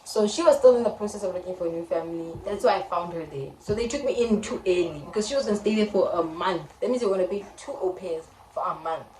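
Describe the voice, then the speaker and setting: A South African woman in her twenties tells a story in a casual vlog, dramatically retelling it with quoted voices. Her voice is fairly low and a little mellow, and she talks fast with few pauses. She sounds far from the mic in an echoey room with faint background noise.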